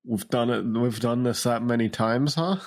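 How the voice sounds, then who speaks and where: Dude cohosting a podcast, jokey and teasing, laughs a bunch, average pitch. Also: male voice, normal speed. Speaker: podcast co-host. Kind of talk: casual chat.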